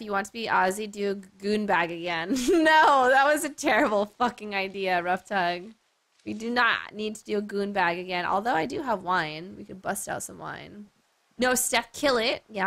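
A young Australian woman hosting a let's play, chatting casually over her gameplay in an animated, joking way and swearing often. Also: medium pitch, normal speed, vocal fry.

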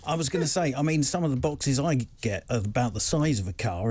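A man's voice: mid-range voice, animated, brisk, darkish tone, slightly rough, no room sound. A man who is a regular tech contributor, bantering and teasing in a casual studio chat. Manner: teasing, joking.

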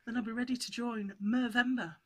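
A woman's voice: a little high, steady tone, a little fast, slightly rough. A woman chatting casually to camera in a home stitching vlog, rambling and breaking off her sentences. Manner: chatty, rambling, self-interrupting. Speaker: cross-stitch vlogger.

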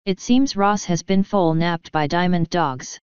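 Refined unicorn pony lady barking brisk orders, smooth clear voice, lowish, dull lo-fi sound, as a woman reads her. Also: darkish tone, no room sound, lightly acted. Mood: grim. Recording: dull lo-fi recording.

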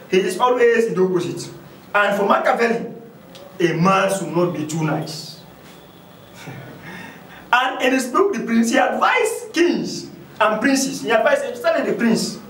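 A man giving a university lecture, emphatic and repetitive, swinging from loud stressed points down to low asides. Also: roomy sound, far from the mic, slight background noise, rough recording.

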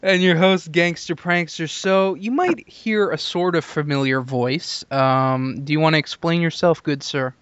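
A man hosting a casual gaming podcast in a relaxed, joking manner. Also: a little high, unhurried, hardly any pauses, smooth, lo-fi sound. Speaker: podcast host.

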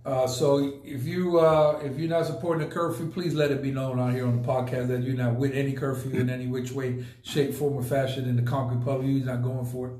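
A man's voice: medium pitch, level tone, brisk, few pauses, darkish tone, roomy sound. A man hosting a casual podcast, talking emphatically and repeating points for effect. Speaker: podcast host. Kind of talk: casual live podcast talk.

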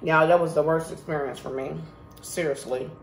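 A woman vlogger recounts a story in an emphatic, chatty way, talking directly to her viewers. Her voice sits a little low, and the recording carries a roomy echo. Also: steady tone, moderate pace, soft background music. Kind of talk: casual storytime vlog.

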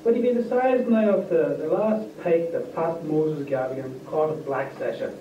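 A man's voice: fairly high pitch, moderate pace, mellow, a little hiss or hum, voice pushed up, lightly acted. A man voicing a plain-spoken old country carter with a raised, coaxing voice. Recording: distant, echoey, lo-fi.

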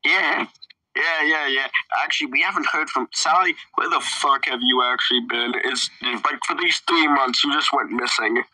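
Crude joking man, bright and dry. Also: medium pitch, no echo, recorded from a distance, rough recording. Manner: crude, joking, quick to laugh. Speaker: player acting as teacher. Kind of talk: casual role-play banter.

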